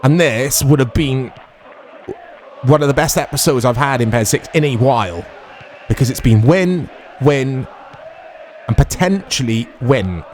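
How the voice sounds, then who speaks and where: Excitable gamer commentating. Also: male voice, medium pitch, a little slow, long pauses, a faint crowd, a little hiss or hum. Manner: excitable, shouts at big chances, chatty asides. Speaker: gaming commentator. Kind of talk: casual let's-play commentary.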